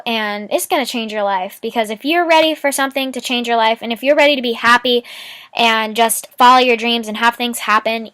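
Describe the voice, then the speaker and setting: A woman's voice: a little high, a bit bright, dry recording. A young woman vlogging casually with a rambling, giggly manner, full of fillers as she gives upbeat life advice. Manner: rambling, giggly, lots of "like" and "you know". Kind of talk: casual motivational vlog.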